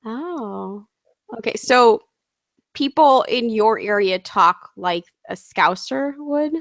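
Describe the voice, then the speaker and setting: An American woman with a fairly high, gravelly voice hosts a casual interview. She is friendly and curious, and her voice is recorded dry and close. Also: animated, slow pace, a bit bright, no echo. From United States. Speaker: host and interviewer.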